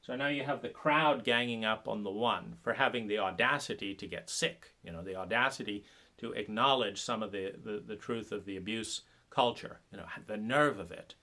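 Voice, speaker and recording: A man giving an impassioned, sarcastic monologue about trauma recovery, halting often with fillers and restarts. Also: fairly low pitch, pushed and bright. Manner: sarcastic, mocks others in put-on voices.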